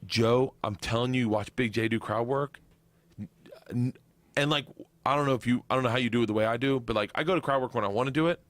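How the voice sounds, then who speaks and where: A stand-up comedian man, rambling with excitement and swearing freely as a podcast guest. His voice sits at a middle pitch. It is recorded close and dry, with no room sound. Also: fast, no echo. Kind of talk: casual podcast chat.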